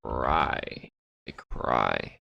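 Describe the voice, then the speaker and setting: A man playing a text adventure game, reading its lines aloud and adding wry, deadpan comments on a close mic. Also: very deep voice, very slow, creaky, dry recording, highs cut off. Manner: wry, deadpan, bursts into laughter. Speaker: gaming YouTuber.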